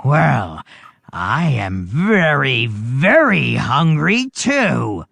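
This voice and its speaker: A storybook reader voicing a hungry, greedy male troll who guards a bridge, dropping lower and gloating. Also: very animated, very slow, vocal fry, fairly bright tone, breathy edge, no room sound, heavily acted. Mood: menacing.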